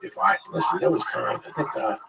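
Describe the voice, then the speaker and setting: A man's voice: medium pitch, lively intonation, fairly quick, vocal fry, distant mic, a crowd in the background. A man in casual profane chat, telling blunt stories with acted quotes about hustling. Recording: noisy recording.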